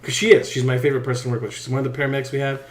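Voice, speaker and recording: A man's voice: medium pitch, level tone, rapid-fire, roomy sound. A man co-hosting a podcast, chatting casually with sarcasm, profanity and laughter. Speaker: podcast co-host. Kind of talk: casual chat.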